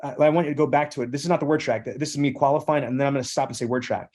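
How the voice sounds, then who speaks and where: A man's voice: medium pitch, steady tone, racing, darkish tone. A middle-aged man hosting a sales training podcast. He coaches with emphasis and keeps repeating "again" and "okay". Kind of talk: energetic sales training with role-play.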